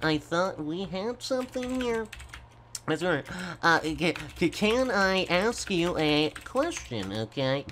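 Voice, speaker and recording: A man doing goofy gameplay commentary, stammering and talking slowly to his viewers as folks. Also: high-pitched, big pitch swings, a bit bright, slight background noise. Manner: slow, stammering, goofy, keeps addressing folks. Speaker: gaming YouTuber.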